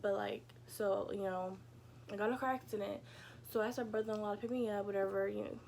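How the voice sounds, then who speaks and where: A woman's voice: medium pitch, steady tone, fast talker, vocal fry, a little mellow, slight background noise. A young woman vlogger telling a casual storytime from her bedroom, chatty and peppered with "like" and "you know," swearing freely. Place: home bedroom.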